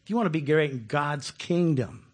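A man preaching a conversational sermon as a pastor, animated, asking his listeners questions and acting out the voices he quotes. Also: a little high, moderate pace.

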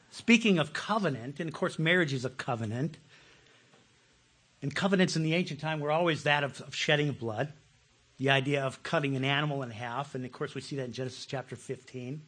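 A pastor, a man preaching a passionate sermon that swings between loud pleas and hushed, soft asides. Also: mid-range voice, husky.

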